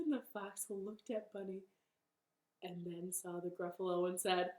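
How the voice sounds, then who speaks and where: A female children's librarian reading a storytime from her living room, with a gentle, encouraging manner. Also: lowish voice, fairly even intonation, a little slow, reverberant.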